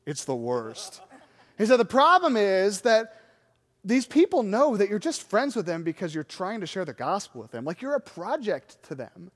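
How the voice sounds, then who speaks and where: Forties male pastor, lively self-mocking preacher, long hall reverb. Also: high voice, normal speed. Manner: animated, self-deprecating storytelling. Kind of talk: sermon storytelling.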